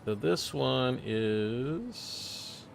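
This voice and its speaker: A man's voice: mid-range voice, animated, extremely slow, vocal fry, slight background noise. A man streaming a building game, muttering half-sentences to himself and chatting casually with his viewers. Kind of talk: casual live-stream commentary while playing.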